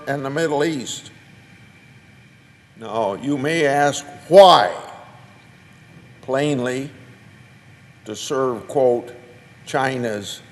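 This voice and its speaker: An older man, a senator, reading a prepared floor speech in a slow, halting way, restarting words and marking each quotation. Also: a little high. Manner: slow, halting delivery with restarts and careful quoting. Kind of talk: prepared speech read aloud. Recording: long reverb of a large chamber.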